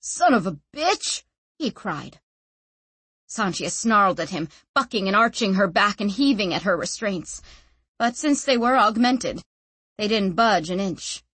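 A woman narrating a story in measured, dramatic scripted narration. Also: mid-range voice, fairly bright tone, slightly rough, dry recording. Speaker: audiobook narrator.

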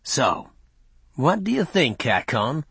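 A man reading an audiobook, voicing a scheming male warlord who taunts with measured threats. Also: medium pitch, very animated, gravelly, fairly bright tone, husky, no room sound, exaggerated voice. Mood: taunting.

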